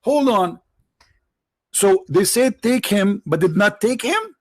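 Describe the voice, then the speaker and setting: A man's voice: high voice, expressive, slow, dry recording, studio quality. A man hosting a live religious talk, joking and sarcastic, rambling to his viewers. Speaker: online show host.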